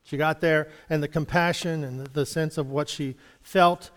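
A man's voice: on the high side, steady tone, normal speed, big-room sound. A man giving an informal Bible study, chatty and rambling, chuckling often and acting out little exchanges. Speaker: Bible teacher.

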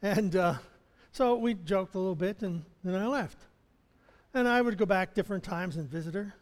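A male chaplain's sermon, recorded with a long hall echo, mixes personal stories with casual delivery, frequent chuckles, and stumbling restarts. His voice sits high and moves at a moderate pace.

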